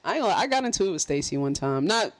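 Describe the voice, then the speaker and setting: A young adult man co-hosting a podcast in casual chat, relaxed and easygoing. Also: high-pitched, rapid-fire. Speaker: podcast co-host.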